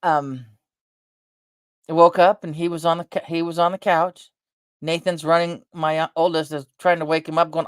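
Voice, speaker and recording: Low-voiced rambling middle-aged woman. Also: moderate pace, no room sound, clean studio sound. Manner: rambling, animated, talks with her face. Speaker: vlogger. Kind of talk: casual storytelling chat.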